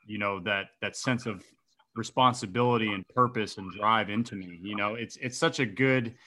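A man's voice: fairly low pitch, moderate pace, sharp tone. A man, a guest on a casual interview, reflecting and thinking aloud with hesitations.

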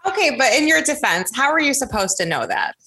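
A woman hosting a podcast interview, lively and playful, laughing along with her guest. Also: high-pitched, brisk, slightly rough. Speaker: podcast host. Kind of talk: casual interview chat.

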